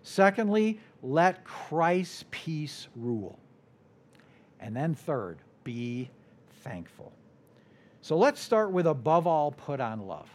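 American male guest preacher, sermon, deliberate and animated, trails off quietly at phrase ends. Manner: deliberate, drops to a soft low voice at phrase ends.

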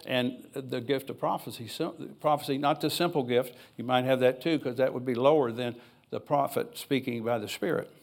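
A man's voice: medium pitch, normal speed, creaky, few pauses. An older man preaching a sermon in a church, reading scripture aloud and rambling into personal asides in an easygoing, conversational way. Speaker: pastor.

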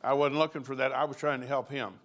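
A man's voice: mid-range voice, fairly even intonation, fast talker, a bit bright. An older man, a pastor, preaching at a conference in a folksy, storytelling way, chuckling between lines.

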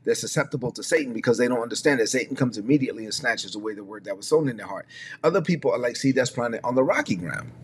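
A man's voice: mid-range voice, animated, fast talker, a little hiss or hum. A man preaching a streamed sermon as pastor, emphatic and repetitive, often prompting listeners to say words back or type them in the chat.

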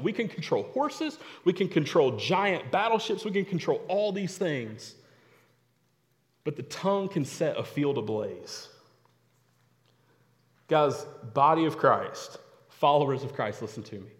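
A man's voice: on the high side, lively intonation, a little slow. A young adult man preaching a sermon, telling stories and repeating phrases for emphasis. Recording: long hall reverb.

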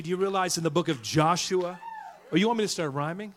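A middle-aged man delivers an energetic church sermon, his fairly high voice swinging from relaxed asides to fired-up, repeated calls to the congregation. He plays with rhymes and asks the crowd to respond. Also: fast, a little hiss or hum. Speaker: pastor. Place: church sanctuary.

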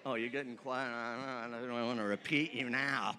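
A man's voice: medium pitch, fairly even intonation, slow, pauses often, bright, forceful tone, clear, resonant tone. A man preaching a sermon as pastor, leading the congregation in call-and-response and telling light stories.

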